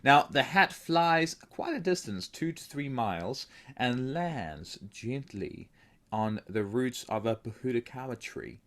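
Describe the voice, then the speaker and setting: A man's voice: mid-range voice, lively intonation, unhurried, fairly bright tone. A man co-hosting a podcast in playful, improvised banter, joking and teasing with plenty of fillers. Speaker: podcast co-host.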